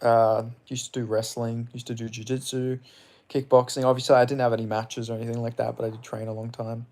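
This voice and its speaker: A man's voice: mid-range voice, little pitch movement, a little fast, darkish tone. Casual young Australian male streamer, slight English tinge, loose rambling delivery with offhand swearing. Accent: Australian, somewhat mixed with English. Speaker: MMA livestream host. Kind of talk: casual livestream chat answering viewers.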